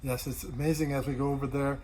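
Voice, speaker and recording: A man's voice: mid-range voice, level tone, fast, warm tone, slight background noise, poor audio. A man co-hosting a ministry program who adds brief, affirming remarks to the conversation. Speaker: co-host, ministry leader. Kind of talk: conversational interjections.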